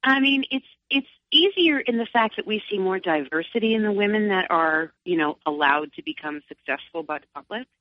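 A middle-aged woman from Long Island, chatting as a guest in an interview, animated and acting out her own thoughts. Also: medium pitch, fairly quick, hardly any pauses, dry recording. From Long Island, New York. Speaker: singer and guest. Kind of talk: casual interview. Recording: dull, lo-fi sound.

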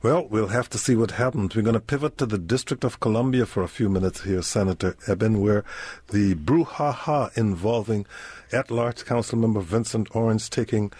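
Husky-voiced male radio host. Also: fairly low pitch, a little mellow, dry recording. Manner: measured, leads the discussion with questions. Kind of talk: radio panel discussion.

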